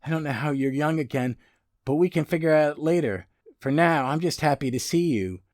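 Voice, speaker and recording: A man voicing an earnest teenage girl archer in a high, breathless put-on voice. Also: normal speed, darkish tone, no echo, clean studio sound, natural voice. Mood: overjoyed.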